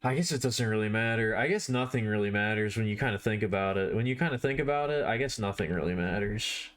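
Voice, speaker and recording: A man talks to his live-stream audience while he works on a drawing. His voice sits a little low. He rambles from thought to thought, pokes fun at himself and swears in a relaxed, offhand way. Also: fast. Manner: rambling, self-deprecating, swears casually.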